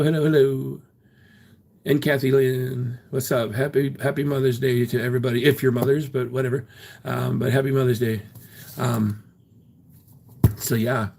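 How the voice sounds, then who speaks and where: A man with a gravelly, husky voice hosting his own livestream. He chats casually and answers viewers' comments bluntly and defensively, swearing freely. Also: medium pitch, a little mellow. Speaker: livestream host.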